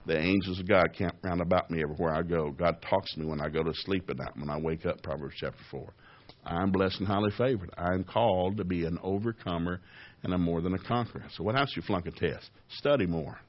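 Folksy husky-voiced preacher guy, lowish voice, asks questions and answers himself, dull lo-fi radio sound. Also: fast. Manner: folksy, humorous preaching with rhetorical questions and chuckles; plays out little dialogues, raising his voice for the voices of others. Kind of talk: sermon.

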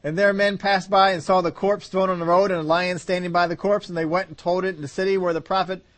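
A man's voice: sits high, level tone, quick pace, fairly bright tone. A man preaching a sermon, joking and acting out the story in voices. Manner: humorous, acts out scenes in voices, laughs often.

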